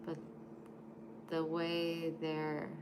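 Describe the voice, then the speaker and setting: A woman's voice: low voice, completely flat delivery, drawn-out words, background noise. A woman chatting casually on a live stream at home, talking to viewers and cooing to her dog in baby talk. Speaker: vlogger.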